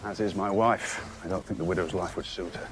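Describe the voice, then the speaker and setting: A man's voice: low-pitched, steady tone, fairly quick, lightly acted. A man playing a wry, courteous knight.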